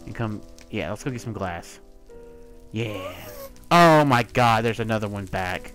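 A man giving loose let's-play commentary into his own mic, chatty and quick to curse. He talks straight to the creatures on screen. Faint game music plays behind him. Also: on the low side, expressive, fairly bright tone. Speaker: gameplay commentator.

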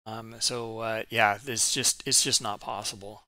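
A webinar co-host chats casually, hesitant and full of fillers. His voice is very bright, crisp and resonant, recorded close and dry. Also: fairly low pitch, flat delivery, a little slow, no echo. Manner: hesitant, heavy with fillers, laughing easily. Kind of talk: casual chat.

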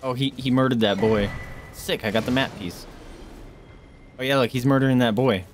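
A man streaming a video game, reacting loudly and excitably: he yelps and squeals at enemies, coos at animals in baby-talk, and drops to a hush when sneaking. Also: medium pitch, normal speed. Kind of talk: live gameplay commentary.

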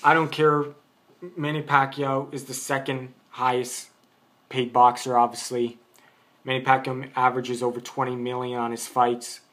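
A man's voice: medium pitch, level tone, normal speed, a bit bright. A man giving an unscripted boxing opinion in a vlog, arguing his point, rambling and restarting his sentences. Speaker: boxing commentator.

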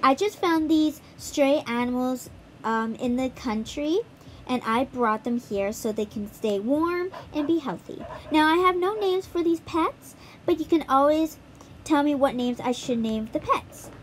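A woman's voice: high-pitched, expressive, a little slow, a little hiss or hum. A woman giving a casual, chatty walkthrough of a mobile game, talking straight to her viewers. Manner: chatty, addresses viewers directly. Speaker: gaming YouTuber.

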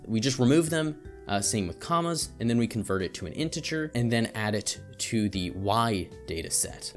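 A young man casually walking through his code step by step, chatty and relaxed, as a tech YouTuber. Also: on the low side. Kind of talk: casual screen-share walkthrough.

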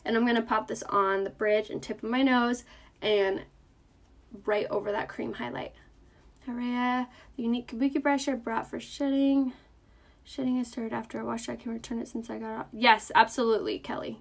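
A woman's voice: a little high, steady tone, fairly quick. A woman chatting through a live makeup tutorial while answering viewer comments. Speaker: makeup seller.

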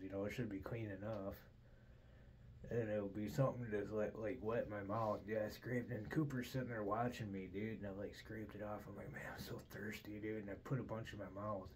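A man's voice: fairly low pitch, a little mellow, slight background noise, low-quality recording. A middle-aged man hosting a podcast, rambling through a casual story with constant swearing and "dude". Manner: profane, says "dude" constantly. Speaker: podcast host.

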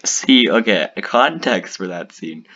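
A young man with a very deep voice gives casual reaction commentary. He rambles through his explanations with plenty of fillers and laughter. The recording carries clear background noise. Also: lively intonation, slow pace, sharp tone, muffled recording. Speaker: creator reacting to his old videos. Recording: noisy recording.

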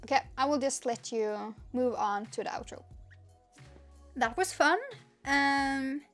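Giggly young woman, lively vlog chat. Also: high-pitched, slow pace, faint music behind. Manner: giggly, chatty, excitable. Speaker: YouTuber. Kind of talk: casual vlog chat and story reading.

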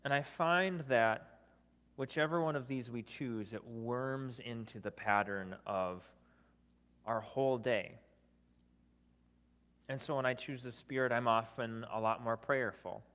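A man's voice: mid-range voice, measured pace, pauses often, a bit bright, big-room sound. A man preaching a sermon as a guest speaker, talking conversationally, often adding "right?", with self-deprecating humor. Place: church sanctuary.

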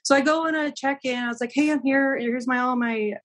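A woman's voice: high-pitched, brisk. Young woman telling a travel story. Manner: animated, acts out quoted dialogue, many "like"s. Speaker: guest. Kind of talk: casual storytelling.

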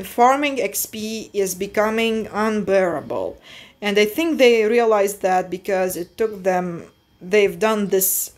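Woman, young adult, mid-pitched, casual game vlog, rambling, frequent restarts, tongue-tied. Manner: rambling, often restarts and trips over words. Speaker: mobile game YouTuber.

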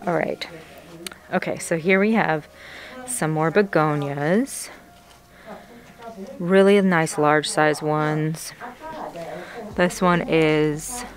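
A young woman vlogging casually while she shops in a plant nursery, gushing over what she finds. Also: on the low side. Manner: gushing, excitable, narrating as she browses. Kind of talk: casual shopping vlog narration.

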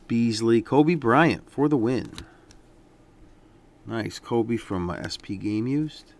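A man casually talking through a stack of sports trading cards, relaxed and rambling with lots of fillers. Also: mid-range voice, slow pace, pauses often, a little hiss or hum. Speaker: card collector vlogger. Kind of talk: casual unboxing commentary.

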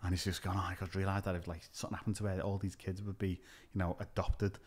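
Fast-talking Scouse man telling stories. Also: low voice. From Liverpool, England. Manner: animated storytelling, acting out exchanges. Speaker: comedian. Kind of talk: casual podcast chat.

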